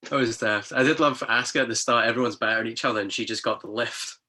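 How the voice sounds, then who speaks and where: A man's voice: medium pitch, fairly even intonation, quick pace, bright, forceful tone. A man co-hosting a podcast in casual chat, laughing often between his remarks. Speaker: podcast co-host.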